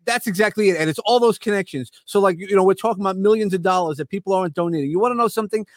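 Earnest New York man, high voice. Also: rapid-fire, no echo, studio quality. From Long Island, New York. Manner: earnest, motivational, rambling. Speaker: guest. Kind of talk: casual chat.

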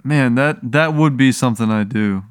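A man's voice: medium pitch, normal speed, clean tone, dry recording, clean studio sound. A man guesting on a comedy podcast, laid-back and wry, swearing freely in casual chat.

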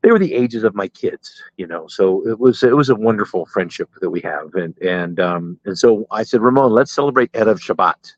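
A man's voice: on the low side, lively intonation, fairly quick, hardly any pauses, dry recording, lo-fi sound. A middle-aged man, a pastor, telling stories from his life in a casual interview and laughing at his own jokes.

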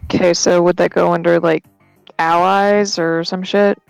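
A woman's voice: lowish voice, flat delivery, unhurried, gravelly, clear, resonant tone, dry recording, soft background music, rough recording. A woman playing a tabletop game, dry, profane and matter-of-fact. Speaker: player.

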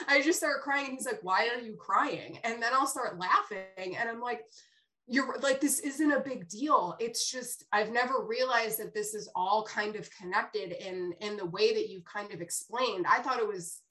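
A young woman hosting a podcast, talking openly and laughing easily in casual conversation. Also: a little high. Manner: open, animated, laughs easily.

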